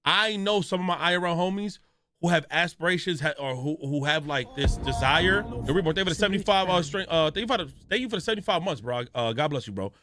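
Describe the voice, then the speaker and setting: A man streaming live, reacting to a video in a loud, joking way with a lot of slang and talking straight to his chat. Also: on the high side, lively intonation, quick pace, dry recording, soft background music.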